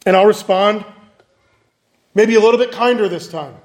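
A man's voice: high-pitched, normal speed. A man preaching a conversational evening sermon, acting out the voices of the people he quotes. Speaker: pastor.

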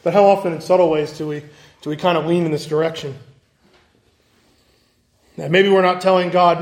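A man's voice: a little high, fairly even intonation, fairly quick, long pauses. A man preaching a conversational evening sermon, acting out the voices of the people he quotes. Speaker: pastor.

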